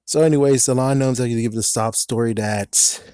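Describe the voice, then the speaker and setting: A man's voice: medium pitch, steady tone, a little fast, warm tone, smooth, dry recording, clean studio sound. A young man casually rambling through a review, cursing often and laughing at his own jokes. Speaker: YouTube reviewer.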